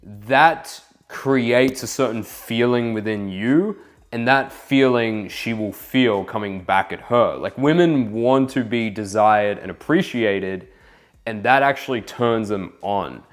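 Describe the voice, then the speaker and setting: A young man giving a relaxed, casual voice-over about dating, full of fillers like "kind of". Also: on the low side, takes it slowly. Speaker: dating coach. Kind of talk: voice-over commentary on infield footage.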